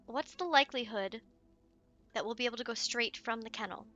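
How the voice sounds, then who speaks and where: A woman playing through a video game with excitable, giggly commentary. She sits high in her range with a bright, sharp tone. She gasps and coos at the in-game pets and chats freely to her viewers. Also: a little slow, lo-fi sound, faint music behind. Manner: excitable and giggly, gasping and cooing. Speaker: let's play streamer. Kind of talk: let's play commentary.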